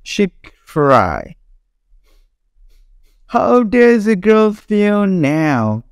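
A woman's voice: mid-range voice, big pitch swings, drawn-out words, pauses often, darkish tone, clear, resonant tone, no room sound, studio quality. A young woman teacher drilling English words for children, repeating each one and laughing between examples. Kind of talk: classroom drilling lesson.

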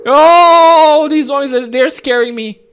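Very high-voiced excitable game commentator. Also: female voice, slow pace, a little hiss or hum. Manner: excitable, giggly, talks to viewers. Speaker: gameplay commentator.

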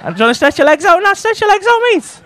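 A man's voice: very high voice, big pitch swings, very fast, bright, forceful tone, a little hiss or hum. A man doing crude, teasing crowd work as a stand-up comedian on a comedy club stage. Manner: brash, crude, teasing banter with constant swearing.

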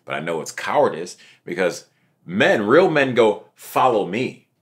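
A young man, an interview guest, telling his story in a casual, animated way and acting out what others said. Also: fairly low pitch, unhurried. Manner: animated, acts out quotes of others.

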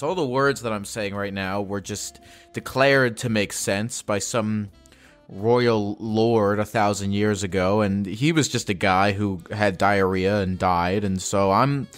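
Rambling low-voiced man hosting calls. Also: measured pace, faint music behind. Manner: rambling, self-mocking, jumps pitch when excited. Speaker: podcast host taking calls. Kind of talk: casual call-in chat.

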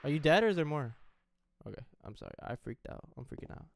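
A young man commenting casually as he plays through a horror game, reacting out loud, swearing and talking to the screen. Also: on the high side, big pitch swings, quick pace, gravelly, dry recording. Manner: jumpy, swearing, talks to the game. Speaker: gaming streamer. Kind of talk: let's play commentary.

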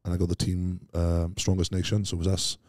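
Fast-talking deep-voiced man, chatty guest. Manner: rambling, animated storytelling peppered with "mate". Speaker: podcast guest, strongman athlete. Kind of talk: casual interview chat.

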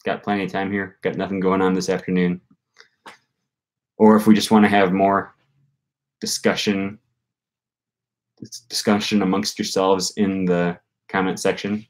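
Young male host, slightly low voice, loose rambling livestream chat, thinks out loud. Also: flat delivery, unhurried, long pauses. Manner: rambling, thinking aloud with many fillers. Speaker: language-learning channel host. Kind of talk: casual livestream talk answering comments.

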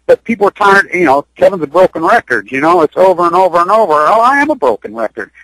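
Male guest, high voice, urgent and rambling, dry radio sound. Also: lively intonation, fast, a bit bright, dry recording, low-quality recording. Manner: urgent, rambling, repeats himself. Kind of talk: impassioned radio interview talk. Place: Utah.

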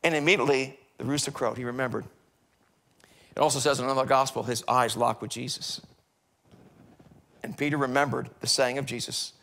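A middle-aged American man preaching a sermon in a church, animated, swinging between loud bursts and hushed passages. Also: mid-range voice, creaky. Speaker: pastor. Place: church sanctuary.

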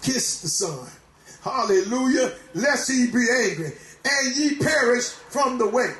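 A man preaching a sermon, often shouting and crying out hallelujah. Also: extremely high pitch, lively intonation, unhurried, reverberant, a little hiss or hum. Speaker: pastor. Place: church.

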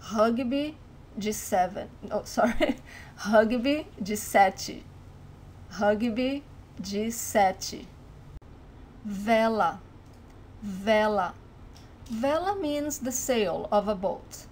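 A woman with a Brazilian accent teaching a language lesson, saying each word slowly and carefully and then repeating it. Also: a little high, slight background noise.

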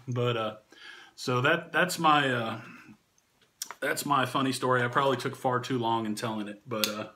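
A man casually telling a funny anecdote, animated and often laughing through the story. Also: mid-range voice, moderate pace, a little hiss or hum. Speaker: channel host and storyteller.

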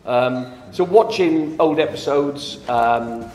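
Man, panel guest, halting answers full of fillers; roomy hall with a long tail and faint hum behind. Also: mid-range voice, darkish tone. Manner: hesitant, many fillers. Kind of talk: convention panel interview. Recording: echoey hall with faint ambience.

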